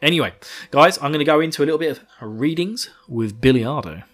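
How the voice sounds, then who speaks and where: A man's voice: fairly high pitch, animated, a little fast, fairly bright tone. A man hosting a casual book podcast, enthusiastic and rambling, laughing often. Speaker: podcast host.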